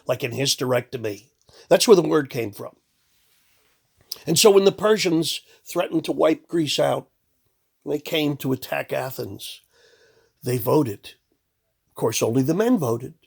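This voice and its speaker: A man's voice: on the high side, creaky. A man delivering a blunt, contemptuous political rant full of sarcasm. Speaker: political commentator. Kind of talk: ranting monologue.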